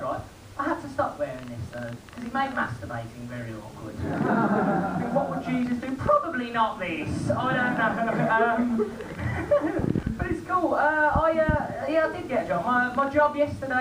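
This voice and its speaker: A man's voice: very high-pitched, recorded from a distance. An eighteen-year-old man doing rambling, chatty stand-up comedy and teasing the crowd. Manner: rambling, chatty, crowd-baiting, many fillers. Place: comedy club stage. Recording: echoey room, heard from afar, noisy.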